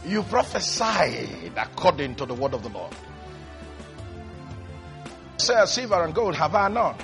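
A man preaching a sermon in an animated way, swinging from low, quiet asides to high, shouted mimicry. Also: a little slow, vocal fry, music in the background.

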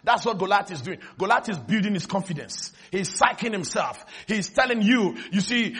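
A man preaching a sermon, telling a story with animated energy and bursting into shouts. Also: sits high, normal speed, few pauses, breathy edge.

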